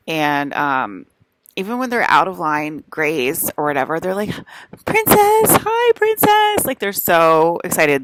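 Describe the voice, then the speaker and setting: A woman's voice: low voice, fairly bright tone, no room sound. A young woman vlogger in a rambling monologue to camera, scolding and exasperated, repeating herself with lots of fillers.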